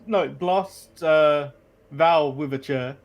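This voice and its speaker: A man's voice: on the high side, slow pace, highs cut off. A man from the UK hosting a podcast, recapping events casually and laughing often. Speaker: podcast host.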